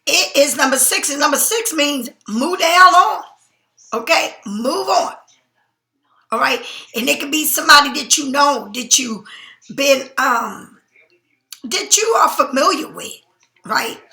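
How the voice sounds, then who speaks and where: A woman's voice: high-pitched, expressive, a little slow, sharp tone, reverberant. Blunt, sleepy woman tarot reader. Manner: blunt, emphatic, swears freely. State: sleepy, yawning. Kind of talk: casual tarot reading to viewers.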